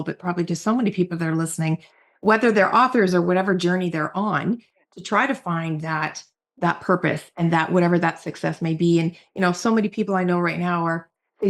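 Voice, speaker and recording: Podcast host, woman, lowish voice, encouraging and affirming in conversation. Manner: affirming, supportive listener. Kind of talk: conversational interview.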